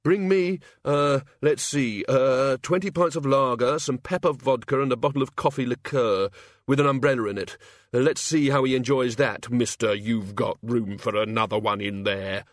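A man's voice: mid-range voice, fairly even intonation, normal speed, no echo, studio quality, lightly acted. A man voicing a mild, bewildered male god of hangovers, vague and politely hesitant in an audiobook. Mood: thirsty.

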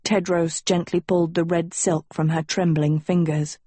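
A woman reading an audiobook in a measured, expressive storytelling style. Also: on the low side, breathy edge, dry recording. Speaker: audiobook narrator. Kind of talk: scripted narration.

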